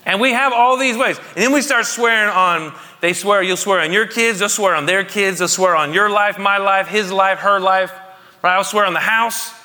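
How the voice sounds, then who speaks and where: A man's voice: high-pitched, moderate pace, pushed and bright. A man in his thirties preaching a conversational, jokey sermon to his congregation, often asking them questions. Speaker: pastor. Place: church hall. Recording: long reverb of a hall.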